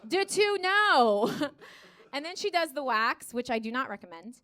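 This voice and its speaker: An American woman performing a live stand-up routine, telling a story with lively acted-out voices and laughing along with her own jokes. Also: high voice, a little slow. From United States. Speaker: stand-up comedian. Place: comedy stage in front of a live audience.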